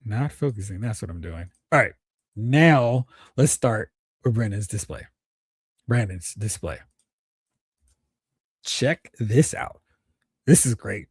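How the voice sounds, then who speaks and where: A man's voice: fairly low pitch, expressive, takes it slowly, pauses often, husky, no room sound, studio quality. A man hosting a toy collecting livestream, chatting casually and enthusiastically with viewers as he goes through their photos. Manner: enthusiastic, rambling, talks to chat viewers. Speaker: toy collecting show host.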